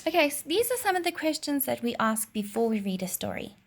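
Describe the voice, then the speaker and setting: A woman teacher giving a reading lesson to young children, speaking clearly and reading a rhyme aloud with lively expression. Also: high-pitched, a little fast.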